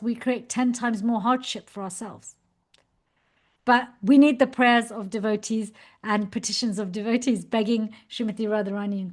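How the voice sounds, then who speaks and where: A woman giving a devotional class over a video call, telling a story with animated, laughing delivery. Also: a little high.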